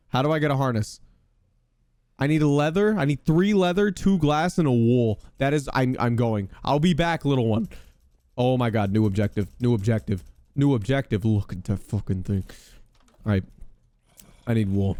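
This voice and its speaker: A young man hosting a podcast, giving loud, excitable gaming commentary with casual swearing. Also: mid-range voice, no room sound. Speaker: podcast host.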